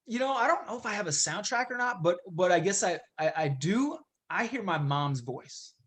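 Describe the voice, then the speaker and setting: A man's voice: high-pitched, animated, normal speed, a bit bright. A man talking as a guest in a casual podcast interview, upbeat and loose, with lots of "dude" and "like". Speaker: gym owner and podcast guest.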